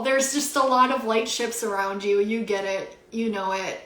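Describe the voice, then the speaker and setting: A woman's voice: mid-range voice, moderate pace, few pauses, pushed and bright. A young woman giving a spiritual card reading on a home livestream, emotional and near tears, gushing with awe and many fillers. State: teary, emotional. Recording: roomy echo.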